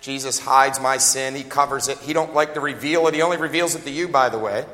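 A man in his forties preaching a revival sermon, lively and joking, often laughing and calling out to the congregation. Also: mid-range voice, fast talker, big-room sound. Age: 40s.

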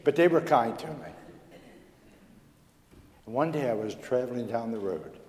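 A male pastor telling a folksy, animated story in a sermon, acting out the dialogue. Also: mid-range voice, measured pace. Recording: echoey hall with long reverb.

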